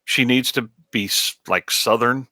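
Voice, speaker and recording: Southern-raised male co-host, measured and agreeable, bright tone, dry close mic. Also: mid-range voice, no echo. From American South. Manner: agreeable, measured, chimes in often. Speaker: podcast co-host. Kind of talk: casual film discussion.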